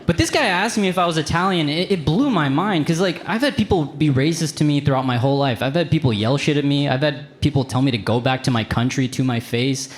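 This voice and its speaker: A man performing a stand-up comedy set on stage, animated and slipping into high put-on voices for the people in his stories. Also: fast, hardly any pauses. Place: comedy club stage with a live audience. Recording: live venue with crowd noise. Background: audience laughter.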